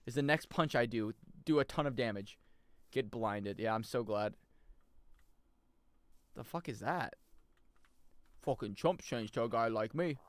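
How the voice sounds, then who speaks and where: A young man streaming a video game, chatting casually, muttering over menus and jumping into loud, high yelps. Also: measured pace, pauses often, no echo. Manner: excitable, jumps into loud high yelps and laughs; mutters menu options to himself. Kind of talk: casual gameplay commentary.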